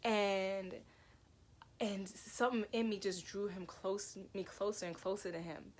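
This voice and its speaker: A woman's voice: mid-range voice, unhurried. A woman telling a personal story to camera in a loose, emphatic, rambling way. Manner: animated, emphatic, lots of "like" and "yo".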